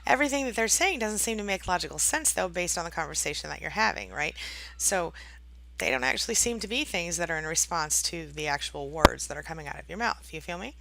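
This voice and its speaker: Chatty woman coach with gravelly voice. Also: on the low side, lively intonation, brisk, sharp tone. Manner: chatty, tags sentences with "right?" and "okay?"; acts out quoted voices dramatically. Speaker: online coach for abuse survivors. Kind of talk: direct-to-camera advice talk.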